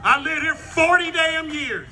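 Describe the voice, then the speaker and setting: A man's voice: very high voice, expressive, measured pace, sharp tone. A middle-aged man giving a fiery, profane protest speech at an outdoor rally, repeating his rallying lines. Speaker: rally speaker.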